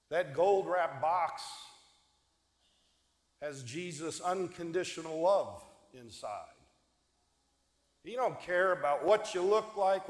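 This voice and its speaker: Male deacon, conversational homily, asks the pews questions, long church reverb. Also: on the high side. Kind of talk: homily, storytelling. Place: church sanctuary. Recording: echoey church hall.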